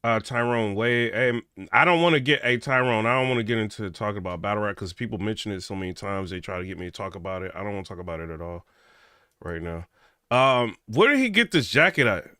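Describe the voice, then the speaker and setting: Animated, bright-voiced man chatting on stream. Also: on the low side, fast, clear, resonant tone, dry recording, clean studio sound. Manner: chatty, reads viewer comments aloud, laughs often. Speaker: streamer reacting to clips. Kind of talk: late-night casual reaction stream.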